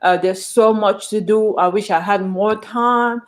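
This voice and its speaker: A woman's voice: medium pitch, steady tone, a little slow. Lady vlogging, super passionate, keeps restarting her sentences. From Ghana. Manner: earnest and passionate, with frequent restarts. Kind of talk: casual opinion monologue to camera.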